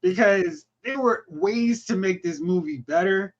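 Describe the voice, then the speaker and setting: A man co-hosting a casual movie review chat, acting out film lines in quick mocking quotes. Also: high-pitched, lively intonation, dull audio. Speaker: podcast co-host.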